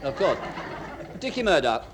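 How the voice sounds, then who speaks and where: A man chairing a radio panel show, brisk and calling on each panelist by name. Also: a little high, sing-song. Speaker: quiz chairman. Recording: hissy 1960s radio broadcast. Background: studio audience.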